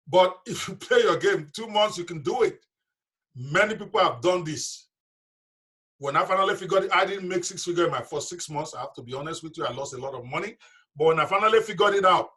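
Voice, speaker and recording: A man's voice: sits high, bright, forceful tone. A man leading a live online business seminar, talking directly and emphatically to his audience over a video call.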